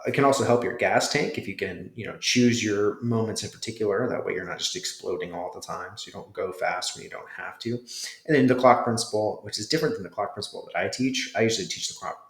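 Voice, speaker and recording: A man's voice: lowish voice, a bit bright. A man in his thirties casually reviewing a jiu jitsu course as an instructor, talking it through in a loose, conversational way with fillers. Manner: conversational, thinking aloud with fillers. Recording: roomy echo.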